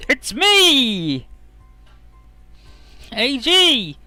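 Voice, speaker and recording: A man voicing a chatty little round robot salesman in a game recap, in a bubbly, high-pitched voice. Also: sing-song, normal speed, sharp tone, no echo, faint music behind, full character voice. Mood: chipper.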